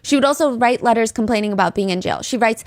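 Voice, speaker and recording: A woman's voice: a little high, fast talker, no room sound. A woman hosting a podcast, telling a true-crime story with blunt, sarcastic commentary into a close mic. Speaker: podcast host.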